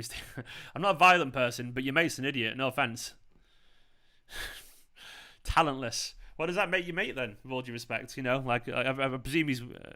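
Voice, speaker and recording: Mancunian male stream host, bright clear tone, loose and chatty with his viewers. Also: mid-range voice. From England. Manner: chatty, rambling, reads out chat comments. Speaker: fan channel host. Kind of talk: casual live watchalong chat. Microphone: earphones with mic.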